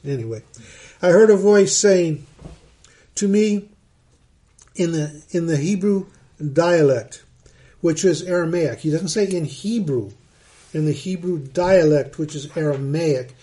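A man's voice: fairly high pitch, measured pace, long pauses, dark tone. A man, a middle-aged pastor, reading Bible verses and explaining them in a conversational teaching style, often repeating words as he thinks.

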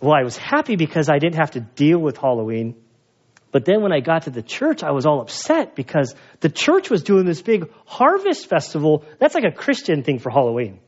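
A middle-aged male pastor preaching a conversational sermon, telling personal stories in an animated, self-mocking way. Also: fairly high pitch. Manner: animated, chatty storytelling with self-mocking humor. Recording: dull lo-fi sound.

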